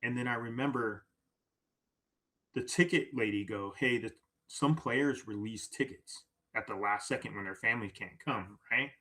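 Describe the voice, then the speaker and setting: A man as a podcast guest, telling a story in a casual, animated way, acting out quoted lines and often tagging "right?". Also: mid-range voice, normal speed.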